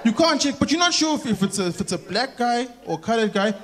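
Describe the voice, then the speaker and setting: Durban comic, man, high lively delivery, live theatre crowd audible. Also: fast talker, background noise. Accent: South African, Durban. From South Africa. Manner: animated, switching into mimicked voices. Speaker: stand-up comedian. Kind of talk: stand-up comedy set. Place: large theatre stage. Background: audience laughter.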